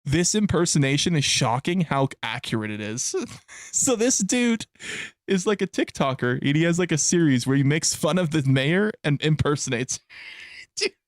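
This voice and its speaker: A man's voice: a little high, lively intonation, normal speed, no room sound, studio quality. A young adult man chatting casually on a live stream, rambling and swearing, often breaking into laughter. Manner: rambling, profane, laughs a lot.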